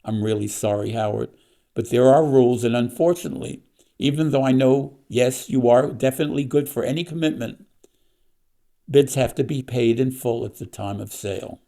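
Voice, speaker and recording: A man's voice: mid-range voice, normal speed, dark tone, lightly acted. A man voicing an eager male auctioneer with an upbeat, coaxing sales patter. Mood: apologetic.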